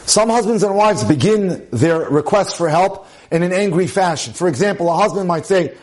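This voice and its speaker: Male rabbi, fairly high-pitched, giving a Torah class on relationships in an emphatic style. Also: normal speed, a little mellow. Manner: emphatic, repeats phrases for stress, drops in Hebrew terms. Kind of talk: relationship lecture.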